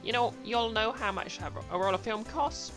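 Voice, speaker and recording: A loud, brash country photographer with a put-on northern English accent, voiced by a woman reading along with a game. She scolds in a raised, bright voice with a folksy drawl. Loud music plays behind her. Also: on the high side, moderate pace, voice pushed up, close to an everyday voice. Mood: scolding. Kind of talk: game read-along voice acting.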